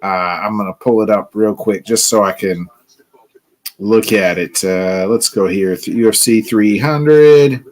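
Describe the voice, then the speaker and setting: A man's voice: fairly low pitch, measured pace, darkish tone. A man hosting a casual solo sports podcast, rambling with lots of fillers. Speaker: podcast host.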